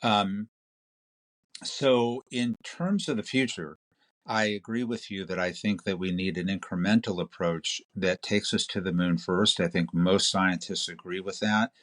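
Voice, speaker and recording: Deep-voiced man explaining at length. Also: steady tone, a bit bright. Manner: measured, detailed, explanatory. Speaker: interview guest, space expert. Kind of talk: conversational explanation.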